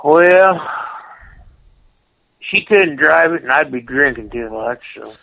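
A man's voice: a little high, expressive, takes it slowly, vocal fry, sharp tone, lo-fi sound, a little hiss or hum. A man chatting casually with laid-back, short, dry replies. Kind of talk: casual chat.

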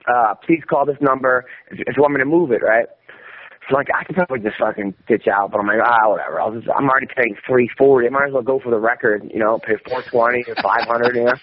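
A man telling a rambling, animated story in casual conversation, swearing often and restarting his sentences. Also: mid-range voice. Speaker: guest comedian. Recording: dull radio-style audio with faint noise.

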